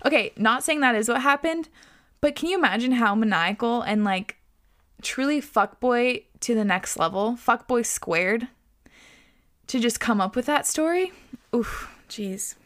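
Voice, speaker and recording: A woman podcast host reading listener stories aloud and reacting casually, animated and expressive, laughing often and swearing. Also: a little high, moderate pace.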